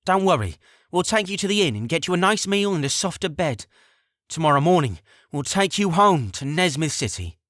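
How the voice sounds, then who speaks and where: A man's voice: fairly high pitch, sing-song, fairly quick, fairly bright tone, no room sound, studio quality, pitched above the performer's own voice. A man voicing an emotional young man, the king's advisor, who sounds earnest and choked up in a storybook reading.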